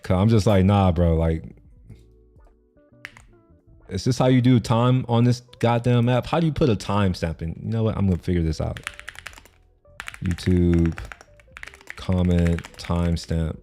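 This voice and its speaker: A man's voice: low voice, a little slow, pauses often, warm tone, soft background music. A man streaming as he reacts to a video, rambling casually with lots of restarts and frequent laughter. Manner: rambling, many fillers and restarts, laughs often.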